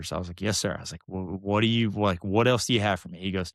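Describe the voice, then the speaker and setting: A man's voice: lowish voice, racing, gravelly, few pauses, no room sound, clean studio sound. A young man telling a long story as a podcast guest, acting out the people in it. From Texas. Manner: animated, mimics the people in his stories. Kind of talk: casual storytelling.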